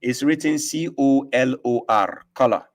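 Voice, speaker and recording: A man's voice: mid-range voice, measured pace. A man hosting a live stream who speaks emphatically and lectures, often putting rhetorical questions to his listener. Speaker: host giving talks on religion. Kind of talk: casual debate on a live stream.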